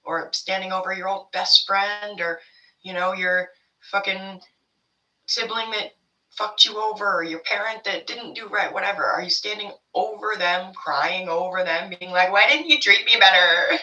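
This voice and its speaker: A woman's voice: mid-range voice, fairly even intonation, moderate pace, pushed and bright, recorded from a distance, muffled recording. A woman giving a casual spiritual tarot reading to her viewers, rambling and blunt, swearing freely as she talks. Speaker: tarot reader.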